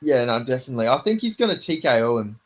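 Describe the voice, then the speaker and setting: A man's voice: medium pitch, big pitch swings, fast, a bit bright, slight background noise. A man with a British accent co-hosting a casual podcast chat, easygoing and swearing freely. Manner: laid-back, sweary. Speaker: podcast co-host.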